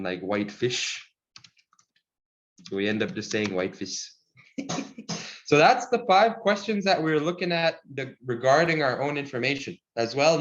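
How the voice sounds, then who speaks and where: A man teaching a language lesson over a video call, relaxed and encouraging, laughing often. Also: medium pitch, muffled recording.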